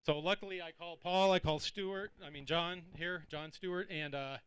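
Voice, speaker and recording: Bright, smooth-voiced angler telling a story. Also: male voice, fairly high pitch, fairly even intonation, normal speed, low-quality recording. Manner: rambling, with fillers and restarts. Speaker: tournament angler. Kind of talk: casual storytelling speech.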